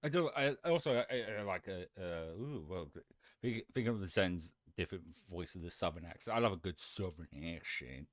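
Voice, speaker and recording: A man with a deep voice chatting casually on a live stream, rambling and restarting his sentences, often giggling. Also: lively intonation, brisk, no room sound, clean studio sound. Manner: rambling, self-interrupting, giggly.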